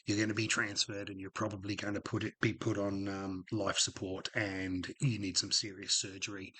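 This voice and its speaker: A man's voice: lowish voice, flat delivery, normal speed, bright, forceful tone, slightly rough. A middle-aged Australian man, a former paramedic, frankly telling stories from his career in a casual, rambling way full of fillers and restarts. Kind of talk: casual podcast storytelling.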